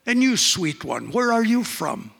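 A man's voice: high voice, sing-song, unhurried, vocal fry, a bit bright, in a large hall, exaggerated voice. A man voicing a kindly voyageur who speaks tenderly to a little girl. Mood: gentle. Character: weary male voyageur traveler, gentle and kindly.

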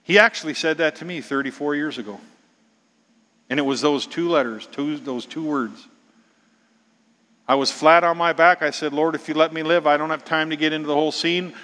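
A middle-aged man preaching a sermon as a pastor, dramatic, dropping to whispers and rising to loud exclamations. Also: on the high side, moderate pace, in a large hall.

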